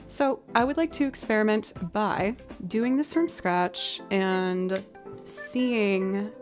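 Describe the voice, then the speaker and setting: A woman's voice: mid-range voice, darkish tone. An American woman from near Boston, a musician streamer, chatting casually and thinking aloud between songs. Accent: American, light Southern slips. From outside Boston, USA. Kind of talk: casual live-stream chat.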